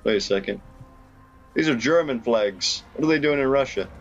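A young man giving casual gameplay commentary, reacting excitably with laughs and rambling remarks. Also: medium pitch, normal speed, muffled recording. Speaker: gaming YouTuber. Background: game music.

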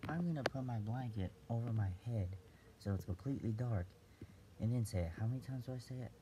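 A man vlogging casually from a dark bedroom at night, jittery and nervous, often stopping and restarting. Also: medium pitch, fairly quick. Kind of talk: casual vlog talk to camera. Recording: loud background noise.

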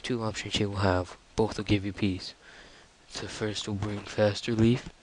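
A man voicing a solemn, calm male Santa figure in a game, speaking in a measured, grave way. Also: lowish voice, background noise, close to an everyday voice.

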